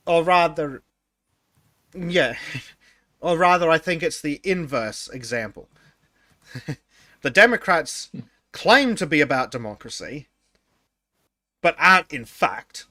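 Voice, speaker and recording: A man's voice: fairly high pitch, lively intonation, takes it slowly, pauses often, bright, forceful tone, no room sound. A man co-hosting a casual podcast, reading chat comments aloud, laughing often and stumbling over his words.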